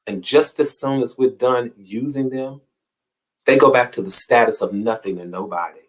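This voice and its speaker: A man's voice: medium pitch, moderate pace. A man hosting an inspirational talk, speaking in a preacherly way with repeated phrases and swelling emphasis. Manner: preacherly, repetitive, rising and falling emphasis. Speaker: motivational show host.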